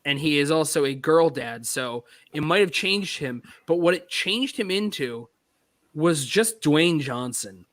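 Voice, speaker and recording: Chatty higher-voiced man, dry sound. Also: lively intonation, unhurried, a bit bright, dry recording. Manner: rambling, quotes film lines. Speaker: podcast co-host. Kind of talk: casual movie discussion.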